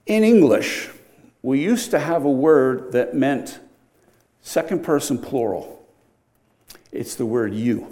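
An older man preaching a sermon in a conversational way, with sudden loud, emphatic rises. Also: medium pitch, expressive, slow pace, pauses often.

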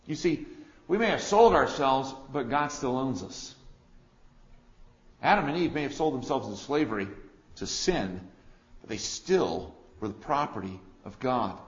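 A man preaching an expository sermon, swinging between loud declarations and quiet asides. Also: mid-range voice, lively intonation, unhurried, highs cut off.

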